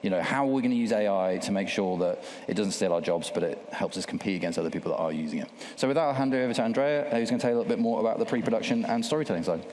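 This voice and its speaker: A man's voice: lowish voice, expressive, very fast, few pauses, darkish tone. A man closing his part of a workshop panel with a casual, candid talk to the audience. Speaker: panel speaker. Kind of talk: live workshop presentation. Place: event hall with audience. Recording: echoey hall with long reverb.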